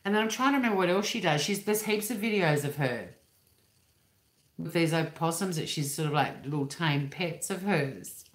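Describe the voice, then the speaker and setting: A woman's voice: on the low side, lively intonation, normal speed. An Australian woman in her fifties, hosting a livestream from home in a rambling casual chat and swearing freely. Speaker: livestream host. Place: living room at home. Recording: roomy echo.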